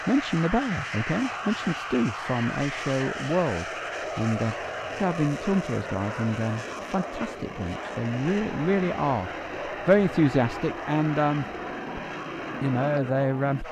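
Brief: chatty northern English male stream host, lively swinging voice, loud background hum. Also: mid-range voice, moderate pace. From northern England. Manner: chatty, excitable, lots of fillers and laughs. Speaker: livestream host. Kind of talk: casual live chat reading viewer comments.

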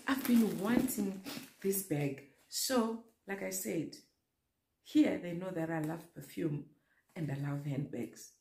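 Her voice sits lowish with a dark tone as this young woman unboxes on her vlog. Casual and gushing, she speaks straight to the viewers, and the echoey room carries faint background noise.

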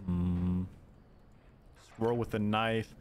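A man streaming a game, thinking aloud, reacting excitedly and chatting with his viewers. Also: fairly low pitch, slow, slight background noise. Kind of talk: casual gameplay commentary. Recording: clear music playing behind the voice.

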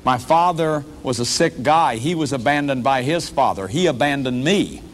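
Here the speaker has a mid-range voice, animated and moderately paced. He delivers an earnest, conversational public lecture on shame and recovery, frequently repeating himself and addressing the crowd with "you see."

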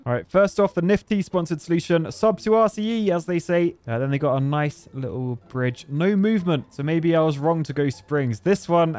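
A man giving excitable gameplay commentary, talking to himself and swinging between muttering and sudden yelps. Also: fairly high pitch, moderate pace, soft background music. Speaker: game commentator.

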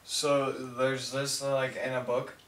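A man's voice: medium pitch, flat delivery, unhurried, a bit bright. A young man vlogging casually with friends, laid-back and laughing often. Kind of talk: casual vlog chat. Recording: noisy audio from a distance.

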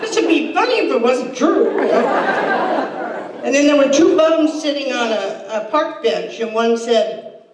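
A woman's voice: high voice, slow pace, very noisy. Older woman comedy host, dry delivery, recorded from a distance in a roomy hall. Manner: deadpan one-liners with quoted voices. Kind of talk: stand-up comedy. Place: hall with a laughing audience. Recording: echoey hall, distant mic, crowd laughter.

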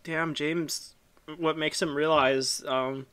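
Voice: medium pitch, fairly even intonation, takes it slowly, a bit bright, smooth. A podcast co-host rambling casually about a children's book, giggly and sweary. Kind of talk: casual book club chat.

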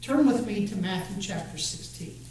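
A man preaching a sermon, expressive and talking straight to the congregation, urging them to join in. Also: sits high, normal speed. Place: church sanctuary. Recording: very echoey church, voice from far off the mic, faint hum.

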